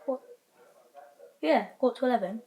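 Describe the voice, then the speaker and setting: Vlogger, fairly high voice, excitable and rambling. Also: female voice, moderate pace. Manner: rambling, excitable, many restarts. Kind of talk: casual vlog storytelling.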